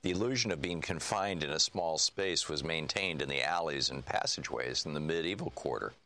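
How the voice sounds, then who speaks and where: Deep, bright-toned male radio host. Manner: steady, measured reading aloud. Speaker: radio talk show host. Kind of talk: radio talk and book reading.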